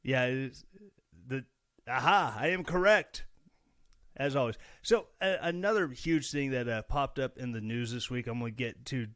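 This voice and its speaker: A man's voice: medium pitch, moderate pace, fairly bright tone, dry recording, studio quality. A man from Missouri hosting a casual podcast, chatty and sarcastic with a self-mocking streak. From Missouri, USA. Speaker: podcast host. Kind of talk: casual solo podcast commentary.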